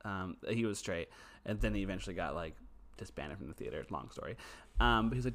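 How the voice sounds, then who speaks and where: A man co-hosting a podcast, riffing quickly in casual chat and laughing often. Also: sits low, lively intonation, a bit bright. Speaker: podcast co-host.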